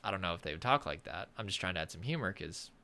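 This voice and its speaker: This Southern U.S. coach, who works with the nervous system, speaks to camera in a deep, pushed and bright voice with vocal fry. He's animated and quick, yet he rambles, hunts for the right words and uses self-deprecating humor.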